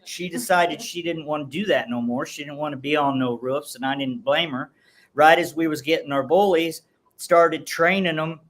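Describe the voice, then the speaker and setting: A man's voice: on the high side, moderate pace, fairly bright tone, rough recording. A man who trains and breeds dogs, telling a long story in a podcast interview with many restarts. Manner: rambling, with frequent restarts. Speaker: guest dog trainer and breeder. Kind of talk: casual storytelling.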